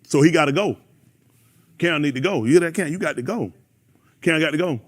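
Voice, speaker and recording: A man's voice: fairly high pitch, brisk, breathy edge. A man preaching a fiery sermon, calling out members of the congregation by name. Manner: animated, preachy, calls out listeners by name.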